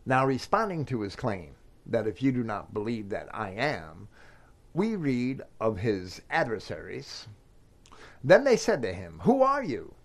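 A man giving a scripture commentary, reading verses aloud with measured emphasis. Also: mid-range voice, very animated. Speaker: Bible teacher.

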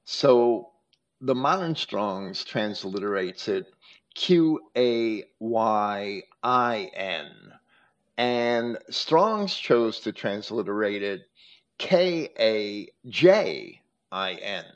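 A man hosting a scripture study, explaining at length in a deliberate way with frequent hesitations and restarts. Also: on the low side, very animated. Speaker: host. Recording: muffled lo-fi recording.

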